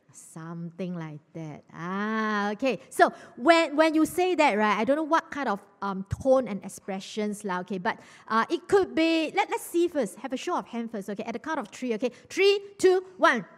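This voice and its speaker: Animated woman preaching in a hall. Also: fairly high pitch, moderate pace, few pauses. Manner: chatty, animated, asks the congregation questions. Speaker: pastor. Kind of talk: lively sermon with audience interaction. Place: church hall. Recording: church hall reverb.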